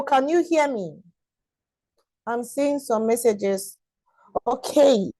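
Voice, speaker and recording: A woman's voice: a little high, unhurried, mellow, no echo, rough recording. Upbeat woman teaching a live class. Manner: enthusiastic, repetitive, greets viewers by name. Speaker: online class instructor. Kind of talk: live-streamed online class.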